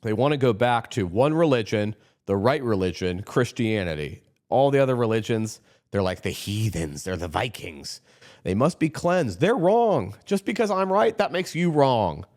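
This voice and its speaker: A man's voice: mid-range voice, very animated, normal speed, a little mellow. A man hosting a podcast, talking in a rambling, heated political monologue with frequent restarts. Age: adult, runs his own company. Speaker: podcast host.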